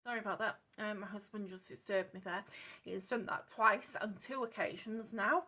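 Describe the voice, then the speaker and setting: Mujer británica charlando sobre pinturas. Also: female voice, mid-range voice, steady tone, normal speed. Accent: British English. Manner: chatty, rambling, self-correcting, soft asides. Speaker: craft channel host testing paints. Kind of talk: casual craft demonstration chat. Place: home craft desk lit by a clip-on lamp.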